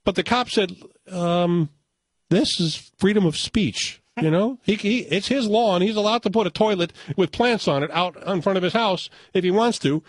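Chuckling older radio host. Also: male voice, high voice, normal speed, no room sound. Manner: chuckling, puts on voices for quoted callers. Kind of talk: casual radio banter and storytelling. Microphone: studio microphone.

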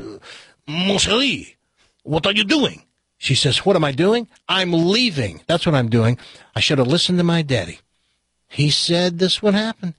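Animated male radio host, husky voice. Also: a little high, no echo, studio quality. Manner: animated storyteller, acts out the joke's voices. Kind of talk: casual talk radio with a told joke.

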